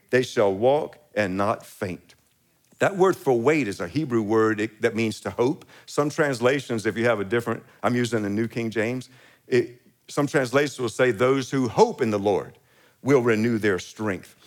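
This pastor preaches a sermon in a medium-pitched voice at normal speed, reading scripture aloud and raising his voice on key lines. He chuckles briefly between phrases and calls on the congregation to repeat after him.

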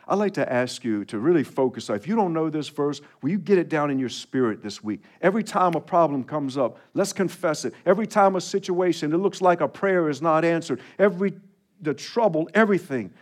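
A man preaching a sermon with a slightly higher-than-usual voice. He reads scripture aloud and leads his listeners to repeat verses with him. He builds his points through emphatic repeated refrains. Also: lively intonation, fairly quick. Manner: preaching with rising, emphatic repetition. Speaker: pastor.

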